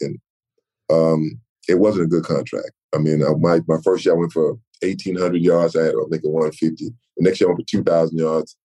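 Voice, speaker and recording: A man from Texas in his sixties, a retired football player telling animated stories in an interview. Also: low-pitched. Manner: animated storyteller, acts out quoted voices. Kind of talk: storytelling interview.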